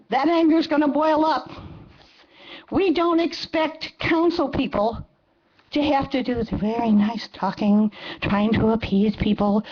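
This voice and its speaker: An older woman in her seventies gives a fiery, emphatic public comment to a city council. Her voice sits high, and the meeting recording sounds dull and lo-fi. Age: 70s. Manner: angry, impassioned, emphatic. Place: council chamber.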